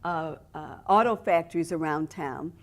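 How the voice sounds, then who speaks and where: A woman author speaking at a library event, reading passages from her book and explaining them. She talks in a measured, storytelling manner. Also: low voice.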